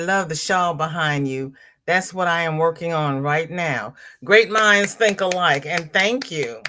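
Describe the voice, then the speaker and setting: Reading viewer comments aloud from home, a livestream host responds to each in a chatty, casual manner. Her voice is on the low side, pushed and bright.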